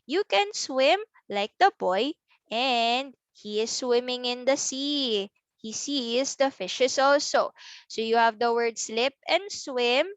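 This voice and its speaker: A woman teaching a preschool class on video, speaking slowly and clearly and sounding out letters one by one for small children. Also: on the high side, animated, no room sound. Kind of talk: recorded class lesson.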